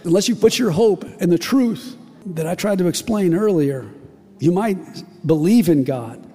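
A man preaching a sermon as pastor, impassioned and emotional, swinging from loud declarations to hushed lines. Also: sits high, expressive, normal speed, slightly rough, long reverb tail. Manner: impassioned, rising to shouts and dropping to near-whispers. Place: church.

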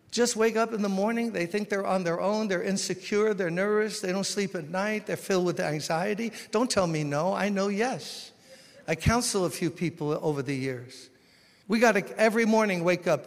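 A man from Brooklyn, preaching a sermon as pastor, swinging between loud exhortation and quiet storytelling. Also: sits high, moderate pace. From Brooklyn, New York. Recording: long reverb of a large hall.

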